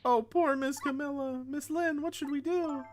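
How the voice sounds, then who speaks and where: A streamer voicing a small, loyal, excitable talking dog from a video game, in a yelping, squeaky, eager way. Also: moderate pace, a little hiss or hum, lightly acted. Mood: frantic. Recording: game music behind.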